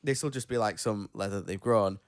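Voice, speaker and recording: A tired man with a lowish voice hosts a casual podcast, reading news stories aloud and wandering off into his own stories. He stumbles over unfamiliar names and laughs at himself. The sound is close and dry, with no room around it. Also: fairly quick, no echo. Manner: rambling, self-deprecating, stumbles over names. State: tired after being ill. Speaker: podcast host.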